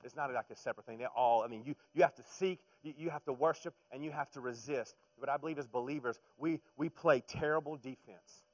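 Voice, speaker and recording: Man preaching, hushed to emphatic. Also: medium pitch, a little fast, few pauses, poor audio. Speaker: pastor. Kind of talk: sermon.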